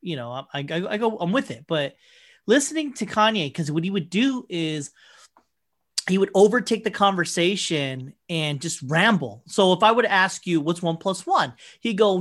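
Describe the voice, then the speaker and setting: A man's voice: high-pitched, animated, normal speed, fairly bright tone. A man in casual podcast chat, rambling through stories and acting out the people he quotes, swearing freely.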